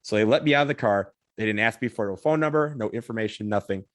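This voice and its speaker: A man co-hosting a podcast, telling a story in an animated, casual way and swearing now and then. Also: on the low side, fast talker, no room sound, studio quality. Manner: animated, swears, acts out others' lines. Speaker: podcast co-host.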